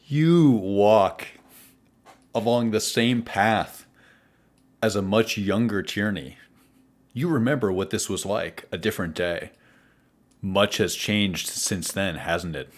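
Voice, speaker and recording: A man narrating a tabletop game as game master, in a measured, descriptive way. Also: on the low side.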